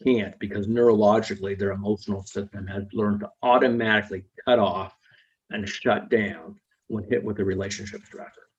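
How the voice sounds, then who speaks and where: Husky man explaining patiently, lo-fi sound. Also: lowish voice, fairly even intonation, brisk. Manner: explains patiently, often checks in with tag questions. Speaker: psychologist guest and author. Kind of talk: explanatory interview talk. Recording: dull lo-fi recording.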